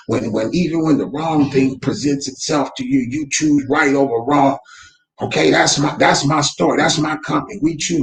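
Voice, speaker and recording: A man running his company's weekly motivational talk from home, speaking fervently like a preacher and breaking into shouts. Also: fairly high pitch, creaky, roomy sound. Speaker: real estate company owner, host. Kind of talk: live faith-based motivational talk. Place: room at home. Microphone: camera mic.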